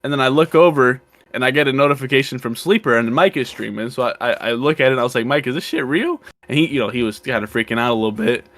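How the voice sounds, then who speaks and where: A man's voice: medium pitch, rapid-fire, fairly bright tone, dry recording. Male sports podcast co-host, laid-back and chatty, dry close mic. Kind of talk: casual sports podcast chat.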